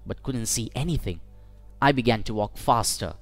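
A man narrating a first-person short story for English learners in a measured, deliberate way. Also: mid-range voice, no room sound, soft background music. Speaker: audiobook narrator.

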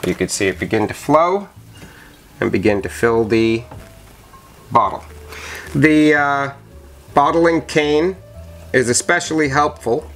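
A man walks through home winemaking in a relaxed, conversational way, pausing now and then on small fillers. His voice sits at an ordinary middle pitch. Faint music plays quietly behind him. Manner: relaxed, chatty explaining with occasional fillers. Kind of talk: casual how-to demonstration. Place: indoors at home.

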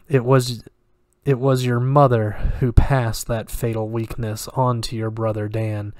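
A quiet, cruel devil, voiced by a man reading a horror tale, who savours each word in a slow, hushed purr. The delivery stays level and narrow in pitch, menace held under the breath. The sound is dry and close, with no room around it. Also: dry recording, natural voice. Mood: menacing. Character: soft-spoken sinister male devil, teasing and cruel.

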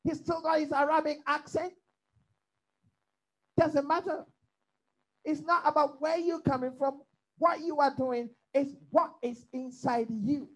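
A man's voice: very high voice, steady tone, measured pace, pauses often, poor audio. A man from Africa, a pastor leading a bible study, preaching emphatically with repeated phrases and questions to his listeners.

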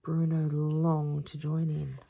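A woman, who teaches at a school, reading a children's picture book aloud in a lively storytelling voice. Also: deep voice, takes it slowly, vocal fry, breathy edge. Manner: expressive, sing-song storytelling.

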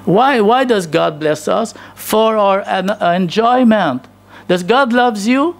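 A man preaching from the pulpit, his voice pitched high with a gravelly edge. He leans on rhetorical questions and trips over his words, restarting phrases as he builds his point. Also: lively intonation, slow. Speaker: pastor. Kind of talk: sermon.

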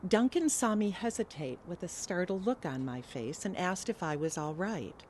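A woman's voice: fairly low pitch, expressive, normal speed, a little mellow, a little hiss or hum. A woman telling a personal story on stage in an earnest, emotional way.

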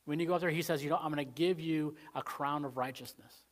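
During a Wednesday church sermon, a pastor with a fairly high voice talks quickly and rambles in a conversational manner. He fills it with "you know," alternating emphatic points with quiet asides.

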